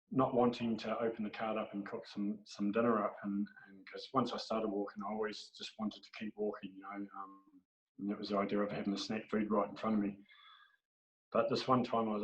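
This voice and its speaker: A man with an Australian accent, a podcast guest telling rambling, animated anecdotes in casual storytelling. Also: fairly low pitch. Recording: dull, echoey room recording.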